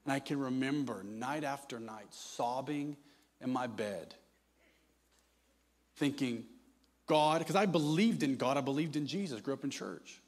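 A man preaching a sermon, moving between hushed, intimate passages and loud, impassioned ones. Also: medium pitch, unhurried, pauses often.

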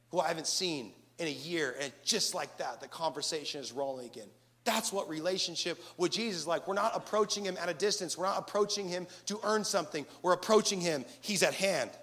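A man preaching a sermon with animated delivery and acted-out asides. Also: sits high. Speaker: pastor.

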